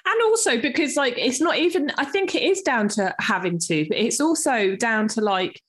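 A young woman co-hosts a casual podcast chat. Her voice sits a bit high. She rants emphatically and swears often. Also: animated, moderate pace, a bit bright. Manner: ranting, emphatic, swears freely. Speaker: podcast co-host.

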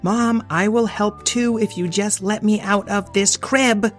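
Sassy high-voiced storybook girl, as a narrator plays her. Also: steady tone, unhurried, soft background music, natural voice. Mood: exasperated. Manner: exasperated, eye-rolling. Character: sassy girl treated as a baby, grown young lady.

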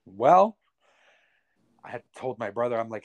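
A man's voice: lowish voice, moderate pace, long pauses. Profane candid man telling stories. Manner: candid, profane, quotes others in lively retellings. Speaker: interview guest. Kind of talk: casual storytelling.

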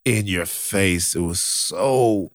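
A man's voice: low voice, takes it slowly, no echo, clean studio sound. A man joining a podcast as a guest, reacting emphatically in casual conversation.

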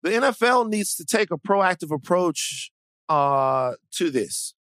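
Male podcast co-host: blunt, animated, stammery, swears casually, dry close mic. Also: high voice, a little slow, dry recording.

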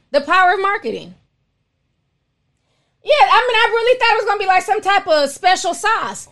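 High-voiced animated woman streamer. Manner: animated, exclaiming, calls listeners honey. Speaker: live-stream host reading viewer chats. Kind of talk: casual storytelling chat.

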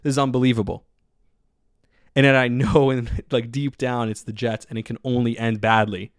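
A man hosting a solo sports podcast, talking in an excitable, rambling way with lots of filler words. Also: medium pitch, moderate pace, smooth, no room sound, studio quality. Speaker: podcast host.

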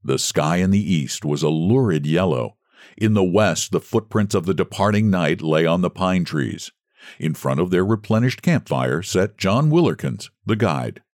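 A man narrating an audiobook story in an expressive, theatrical reading. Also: deep voice, moderate pace, dry recording, studio quality.

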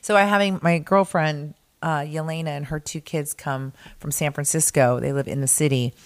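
Deep-voiced gossipy woman co-host, dry mic. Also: steady tone, normal speed, no echo. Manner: gossipy, breaks into high-pitched quoted voices. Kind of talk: casual podcast chat.

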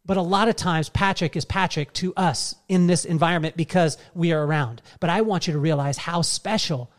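A man's voice: a little high, brisk. A man giving a live keynote talk, telling a personal story earnestly and speaking straight to his audience. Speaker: motivational speaker.

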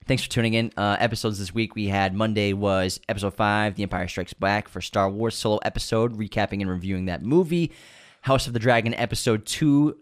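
A man with a nasal voice hosting a podcast in casual chat, enthusiastic and full of restarts. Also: on the low side. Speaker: podcast host.

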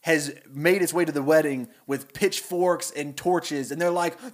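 A young man co-hosting a podcast and telling a story with lots of energy. His voice sits a little high, and he keeps slipping into goofy character voices as he talks. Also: unhurried, few pauses. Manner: animated storyteller, does silly character voices. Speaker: podcast co-host. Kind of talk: casual chat, pitching a story.

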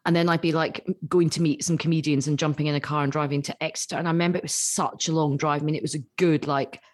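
A woman's voice: deep voice, fairly even intonation, quick pace. A Scottish woman in her forties, a guest in a casual podcast interview, telling stories with animation and frequent laughter. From Scotland.

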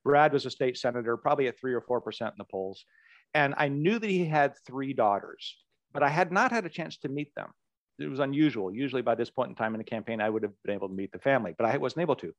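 A man's voice: mid-range voice, fast talker, no echo. Man telling a campaign story, dry sound. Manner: animated storyteller who repeats words as he goes. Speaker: political ad maker, guest. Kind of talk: anecdotal storytelling in an interview.

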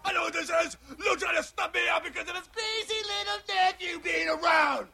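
A man's voice: extremely high pitch, fairly quick, creaky, bright, forceful tone, shouting, heavily acted. An actor playing an unhinged, coked-up gangster man who screams, swears and taunts manically. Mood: raging. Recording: film clip with crowd and noise.

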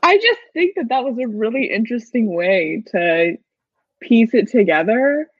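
A woman's voice: on the high side, breathy edge, no echo. A woman co-hosting a podcast, chatting enthusiastically in a casual fan recap. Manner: animated and enthusiastic, quick asides with laughs. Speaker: podcast co-host. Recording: dry, dull lo-fi recording.

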